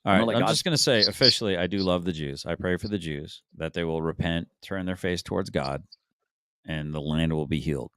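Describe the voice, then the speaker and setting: A man's voice: sits low, fast, a bit bright, smooth, dry recording, clean studio sound. A man hosting a stream, giving crude, mocking, rambling reaction commentary. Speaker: stream host.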